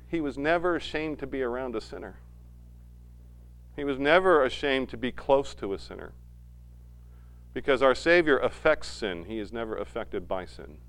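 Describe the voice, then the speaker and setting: Smooth-voiced male pastor preaching. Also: on the high side, a bit bright. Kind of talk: sermon.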